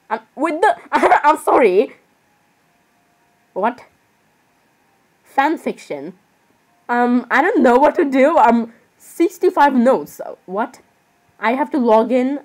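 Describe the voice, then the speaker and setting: A woman vlogger with a slightly high voice rambles as she browses online, giggling, apologizing over and over, and saying "literally" often. It's casual screen-browsing commentary, captured on a rough recording.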